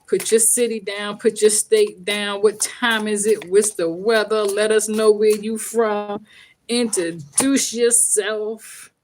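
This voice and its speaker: A woman's voice: medium pitch, fairly even intonation, slow, slight background noise. A woman from the Bronx with a New York accent, reading tarot from home in a brash, profane, joking live-stream chat. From Bronx, New York City. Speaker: tarot reader.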